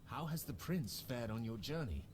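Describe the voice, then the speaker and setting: A man's voice: medium pitch, animated, normal speed, close to an everyday voice. A man voicing a solemn formal game character. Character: grave male game character asking after a prince. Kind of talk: in-game voice acting. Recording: noisy game audio.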